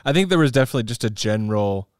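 A man co-hosting a casual movie discussion podcast, talking in a thoughtful, halting way with frequent ums. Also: medium pitch, lively intonation, no room sound, clean studio sound. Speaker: podcast co-host.

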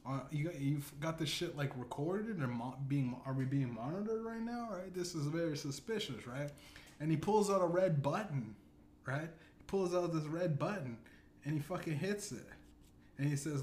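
A man's voice: fairly high pitch, moderate pace, darkish tone. Rambling, profane male comedy storyteller. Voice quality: rambling, profane, repeats "you know what I'm saying". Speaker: podcast host. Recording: echoey room with faint ambience.

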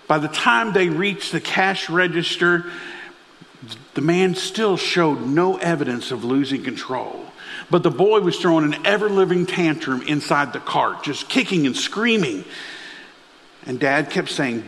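A man's voice: high-pitched, lively intonation, measured pace, a bit bright, long reverb tail. A man preaching a sermon, telling stories and asking the congregation questions. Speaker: pastor.

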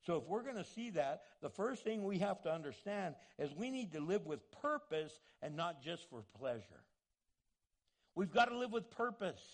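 A man's voice: a little high, sing-song, normal speed, hardly any pauses. A man preaching a sermon, emphatic and full of repeated rhetorical questions.

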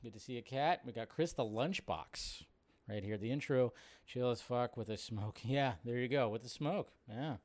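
A man's voice: mid-range voice, moderate pace, a little mellow. Chatty man hosting a livestream. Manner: chatty, greets viewers by name, laughs easily. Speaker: livestream host. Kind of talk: casual live chat reading viewer comments.

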